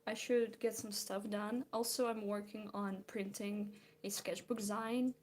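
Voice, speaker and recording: A woman's voice: mid-range voice, little pitch movement, a little slow, darkish tone. A tired young woman from Belarus, rambling and giggling as she chats casually while drawing. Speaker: streamer.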